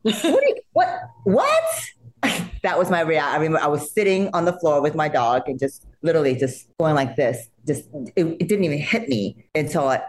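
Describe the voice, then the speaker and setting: A low-pitched woman, a soap opera actress appearing as a guest, retells stories in a casual interview. English isn't her first language. She speaks animatedly, laughs a lot, and acts out her own excited reactions as quotes.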